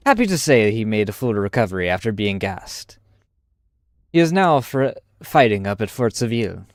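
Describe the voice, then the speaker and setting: A weary young French soldier in a war game, reading his letter home to his mother, as a gaming streamer puts him on. The voice sits fairly low and dry, with only a faint hint of a French lilt. It stays earnest and tired throughout. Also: big pitch swings, normal speed, no echo. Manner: reads a letter aloud with a faint put-on French inflection.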